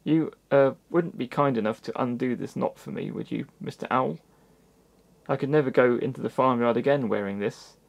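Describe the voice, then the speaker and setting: A man's voice: medium pitch, moderate pace, creaky. A man voicing a timid little white female duck, speaking in a small, pleading voice.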